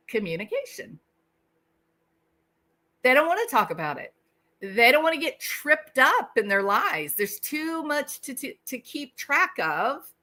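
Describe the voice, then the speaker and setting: A woman delivers a commentary monologue in a bright, forceful voice at an unhurried pace. She keeps asking the listener rhetorical questions. Now and then she acts out imagined dialogue in other voices. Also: medium pitch. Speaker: channel host. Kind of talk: true-crime commentary monologue.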